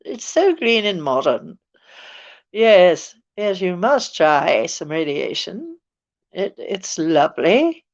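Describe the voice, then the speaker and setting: A woman's voice: fairly low pitch, very animated, takes it slowly, dull audio, full character voice. A woman putting on a put-on English accent to play a smug woman hawking modern comforts, with a sarcastic, mock-cheerful delivery.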